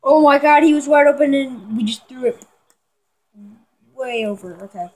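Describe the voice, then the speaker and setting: A woman giving excitable live commentary on a football video game, talking to her viewers and yelling at big plays. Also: sits high, normal speed, poor audio. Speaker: gamer.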